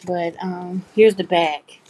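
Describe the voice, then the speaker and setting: Her voice is fairly low, dark, and slightly rough, with a steady tone and a slow pace. She's a middle-aged craft livestream host, casually chatting with viewers as she reads their comments.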